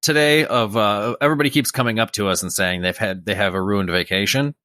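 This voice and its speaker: A man's voice: fairly low pitch, fairly quick, bright, forceful tone, no room sound, studio quality. A young man co-hosting a podcast in casual comedic chat, riffing and slipping into mock characters. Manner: jokey, slips into mock officials and characters. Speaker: podcast co-host.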